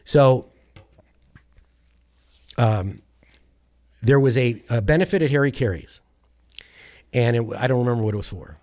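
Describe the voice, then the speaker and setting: A man's voice: mid-range voice, measured pace, pauses often. A man with an ordinary mid-range voice spins a long, rambling story from his radio days. He restarts sentences often and acts out the people he quotes. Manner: rambling, animated anecdote with quoted voices and self-corrections. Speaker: sports radio producer, guest. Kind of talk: casual storytelling.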